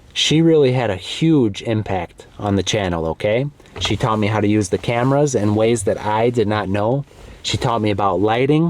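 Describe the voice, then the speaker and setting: A man teaching to learners, speaking slowly and clearly, repeating words and checking in with "okay?". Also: lowish voice, a little mellow. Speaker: English teacher. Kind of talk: slow, clear comprehensible-input lesson.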